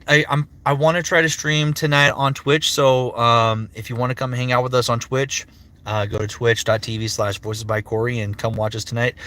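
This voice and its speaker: A man's voice: mid-range voice, pushed and bright. A male voice actor hosting a casual livestream, rambling and often restarting his sentences, from a home streaming setup on a desk mic. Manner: rambling, self-interrupting.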